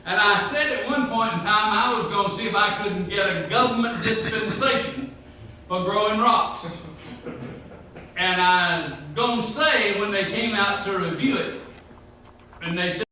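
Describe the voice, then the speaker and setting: A man with a Georgia drawl tells rambling, humorous family stories to a local history meeting. His voice sits high and bright, and it rings through a very echoey room. He is picked up from a distance, with a faint hiss underneath. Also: moderate pace. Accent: Southern US, Georgia. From north Georgia, USA. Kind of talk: folksy talk to a local history group. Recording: very echoey room, mic far off.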